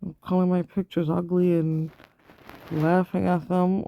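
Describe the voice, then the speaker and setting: A gravelly, mellow-toned voice from a self-taught artist chatting while drawing. The talk runs as a defensive rant laced with swearing. A faint hiss sits under the recording. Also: mid-range voice, flat delivery, a little slow, poor audio. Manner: ranting, defensive, swears often.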